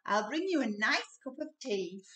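A woman voicing a kindly, caring mother bear from a storybook who fusses gently over her husband. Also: sits high, big pitch swings, unhurried, voice pushed up, exaggerated voice. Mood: soothing. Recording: echoey room, distant mic.

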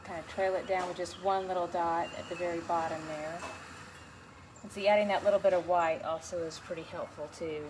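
A woman's voice: lowish voice, fairly even intonation, fairly quick. A woman teaching a beginners' painting class, chatty and encouraging as she talks through each brushstroke. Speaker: painting instructor. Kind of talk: relaxed step-by-step painting tutorial. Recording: noticeable background noise.

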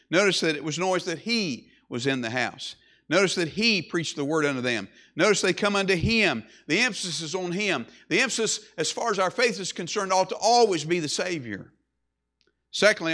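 A man's voice: fairly high pitch, pushed and bright. A man preaching a sermon as pastor, emphatic, with repeated phrases and swelling emphasis.

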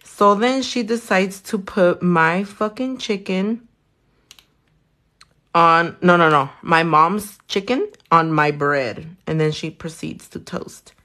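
A woman's voice: on the low side, takes it slowly, bright, forceful tone. A young woman telling a story in a casual chat while doing nails, talking in a chatty, profane way. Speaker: nail artist vlogger.

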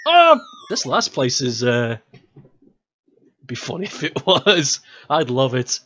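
A streamer in their thirties chatting casually over a game, blunt and quick to swear and laugh. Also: medium pitch, huge pitch swings, fairly bright tone.

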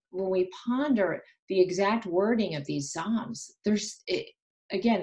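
A middle-aged woman, an author being interviewed on the radio, speaking earnestly and reflectively with frequent restarts. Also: on the low side. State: insomniac.

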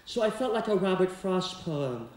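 A man's voice: high voice, sing-song, normal speed, noisy background. A man telling a comic, theatrical personal story on stage, now and then breaking into song. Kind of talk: live storytelling performance. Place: community center stage before a laughing audience. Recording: echoey hall, distant mic.

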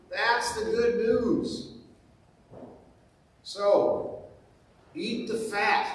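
Male pastor, slow and unhurried, conversational sermon with repeated phrases, heard from a distance in a very echoey church. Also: high voice. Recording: very echoey church, mic far off.

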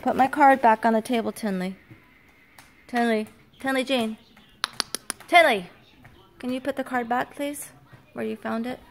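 Older grandma with a gravelly voice. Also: female voice, a little high, unhurried, long pauses, slight background noise. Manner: gives firm, fond commands to dogs and children. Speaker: grandmother filming her granddaughters. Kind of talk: casual home video chat. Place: home, indoors. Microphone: handheld phone camera.

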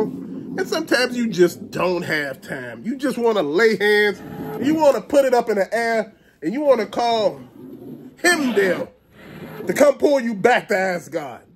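Host casting: middle-aged man, lively comic ranter, swings his pitch a lot, salty language, laughs through his story. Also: noisy background. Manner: animated, profane, acts out quotes, laughs often. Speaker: show host. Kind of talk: comedic storytelling rant.

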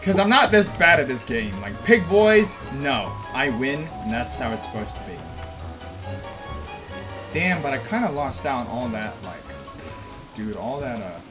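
A young man streaming a game, talking to himself in bursts that swing from loud yelps to low mutters. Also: sing-song, unhurried. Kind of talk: gaming commentary. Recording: game music underneath. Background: game music.

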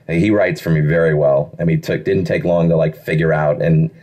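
A middle-aged man, a voice actor, telling stories in a casual interview with an animated, self-deprecating manner. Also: rumbling low, brisk, lo-fi sound. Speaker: voice actor guest.

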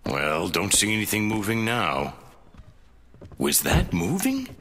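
An actor playing a jumpy, suspicious male guard on patrol who mutters to himself in a gruff voice. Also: on the low side, huge pitch swings, slow pace, bright, forceful tone, slight background noise, heavily acted. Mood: muttering.

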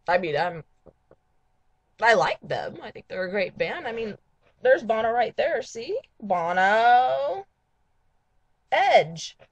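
A woman talking to camera in a casual confessional vlog for a dating profile, halting and emotional, full of sighs and restarts. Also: fairly high pitch, sing-song. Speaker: person making a dating video.

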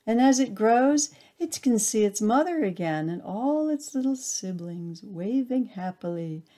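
A woman reading her own short story aloud, with a soft, hushed storytelling manner. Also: a little high, expressive, measured pace. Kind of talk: storytelling narration.

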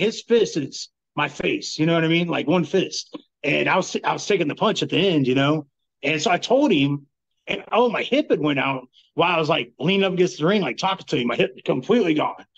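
A man's voice: on the high side, lively intonation, fairly quick, creaky, muffled recording. A middle-aged man, a former wrestler, telling rambling stories in a laid-back interview and laughing often. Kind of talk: casual storytelling interview.

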